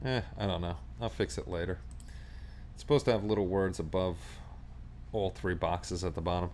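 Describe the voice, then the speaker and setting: A man's voice: low voice, steady tone, normal speed, darkish tone, a little hiss or hum. A man with a New York accent hosting a casual livestream, chatting and rambling along with his viewers. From Astoria, Queens, New York. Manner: chatty, rambling, reads viewer comments aloud. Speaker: livestream host. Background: faint Christmas music.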